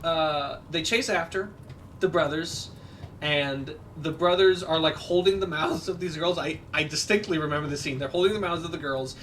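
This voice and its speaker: A man's voice: fairly high pitch, moderate pace, fairly bright tone, far from the mic, slight background noise. A man casually retelling a movie plot while playing a game, rambling with lots of fillers and quoted lines. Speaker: podcast co-host.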